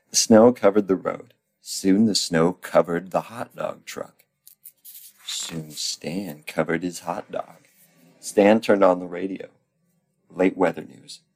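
Deep voiced guy reading a kids book as a dirty parody, slow and deadpan. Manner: deadpan with crude ad-libs. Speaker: comic reader.

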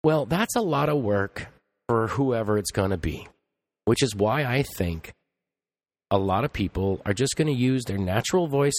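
A man's voice: mid-range voice, lively intonation, normal speed. A middle-aged man hosting a podcast, talking casually in a rambling monologue full of restarts and asides. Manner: rambling, thinking aloud with frequent restarts. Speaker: podcast host.

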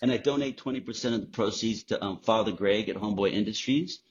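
A man guest on a podcast, telling candid, profane stories in a casual, animated way. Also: lowish voice, fast, a little hiss or hum. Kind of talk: casual storytelling. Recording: dull lo-fi sound.

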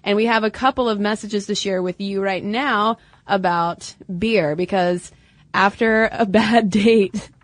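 A woman's voice: medium pitch, fairly even intonation, measured pace, dry recording. A young adult woman co-hosting a podcast, chatting casually and playfully, often laughing. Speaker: podcast co-host. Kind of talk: casual chat.

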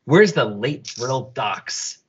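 A man voicing an eager young male hero who speaks with excitement. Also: mid-range voice, slow pace, highs cut off, slight background noise. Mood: calm.

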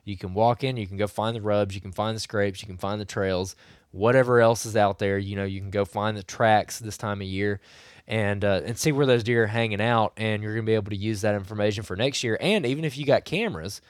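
A man, slightly hoarse from losing his voice, giving rambling, coaching advice as a podcast co-host. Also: on the low side, fairly quick, no echo, studio quality. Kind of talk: casual podcast chat.

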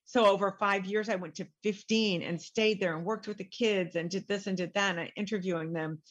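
Animated woman telling a story. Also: mid-range voice, brisk, highs cut off. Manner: animated, acts out quoted voices. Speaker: guest, author. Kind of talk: storytelling in a casual interview.

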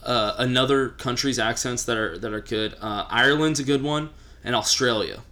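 Bright-voiced young Texan man, joking. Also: medium pitch, moderate pace. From Texas. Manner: opinionated, joking, many fillers. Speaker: podcast co-host. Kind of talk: casual chat.

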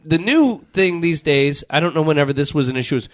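A man's voice: a little high, lively intonation, brisk. A man hosting a casual chat, ranting with lots of swearing and putting on voices when he quotes people. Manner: profane, exasperated ranting with mock-voiced quotes.

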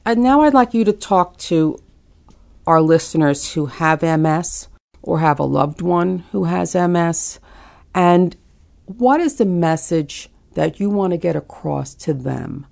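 A woman's voice: low-pitched, vocal fry, darkish tone. A woman interviewing a guest on a podcast, asking long, rambling questions.

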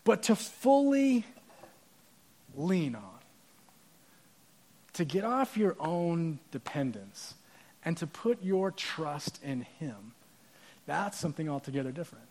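A man's voice: fairly high pitch, sing-song, takes it slowly, long pauses, a little mellow. A man preaching a sermon as pastor, conversational and using props and asides to the audience.

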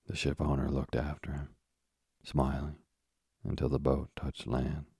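A man narrating an audiobook in a measured, steady manner. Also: rumbling low, creaky, breathy edge, no room sound, clean studio sound.

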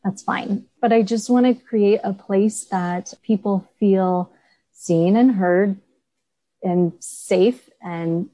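A woman artist on a video coaching call, telling her story in an earnest, animated way. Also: medium pitch, takes it slowly, no echo, rough recording.

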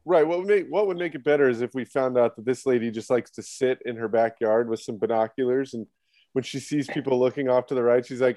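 A man chats as a podcast guest, spinning a self-deprecating story at an easy, mid-pitched level. The sound is dry and close, with no room around him. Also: quick pace, warm tone, no room sound. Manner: laid-back, self-mocking storyteller. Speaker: podcast guest, head of production. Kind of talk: casual chat, storytelling.

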